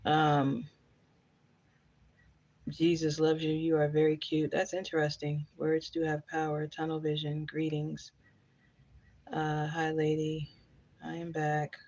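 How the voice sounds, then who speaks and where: A woman's voice: sits low, monotone, takes it slowly, pauses often, darkish tone. Blunt, chatty woman on a live stream. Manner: chatty, blunt, exclaims and laughs at comments. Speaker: storytime vlogger reading live comments. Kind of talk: casual live-stream chat.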